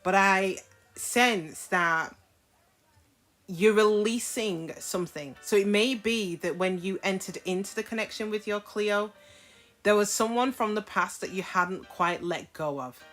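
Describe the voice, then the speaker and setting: A woman's voice: medium pitch, measured pace, fairly bright tone, soft background music. A woman giving a casual tarot reading to camera, frank and chatty, often checking in with her listeners. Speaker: tarot reader.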